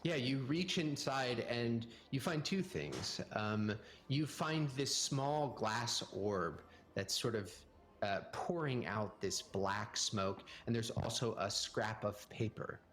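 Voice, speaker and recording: A man's voice: mid-range voice, expressive, slow pace, fairly bright tone. A man running a tabletop game as dungeon master. His voice rises and falls a great deal as he narrates the scenes with playful energy.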